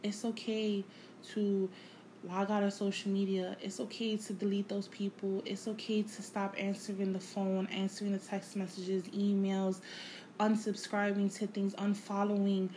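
A woman hosting her own podcast, talking without a script in a reflective, halting way, repeating phrases and swearing casually. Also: medium pitch, little pitch movement, dark tone, a little hiss or hum, poor audio. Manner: emotional, candid, casual swearing. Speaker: podcast host. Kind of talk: unscripted personal monologue.

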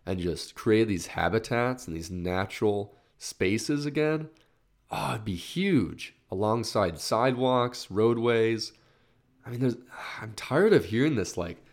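A man hosting his own solo podcast in a casual, rambling way, swearing freely and laughing at himself as he gets fired up. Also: unhurried. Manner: rambling with restarts, excited rises in pitch. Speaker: podcast host.

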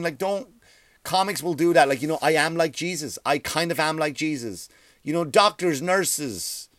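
A stand-up comedian hosting his own podcast delivers a profane comic rant, rambling, swearing freely, and restarting his sentences. His mid-range voice is a bit bright, recorded studio quality with no room sound.

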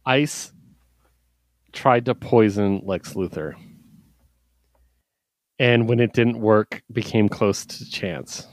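A man's voice: on the low side, takes it slowly, long pauses, no room sound. A man co-hosting a podcast, recapping comics in casual chat with filler words and swearing. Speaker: podcast co-host.

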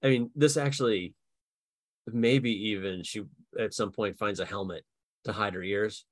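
Man, low voice, podcast co-host, animated, laughs often, dry sound. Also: no echo. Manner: animated, laughs often, acts out quick bits of dialogue. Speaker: podcast co-host and dungeon master. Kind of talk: casual podcast chat about building game characters.

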